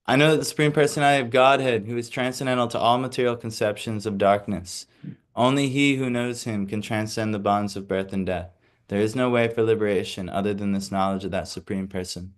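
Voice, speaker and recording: A man reads scripture aloud to a small class in a measured voice. He drifts into relaxed asides full of fillers. He sounds hesitant over Sanskrit recitation. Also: on the low side. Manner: reads steadily, then slips into casual asides with fillers. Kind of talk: reading scripture aloud and explaining it.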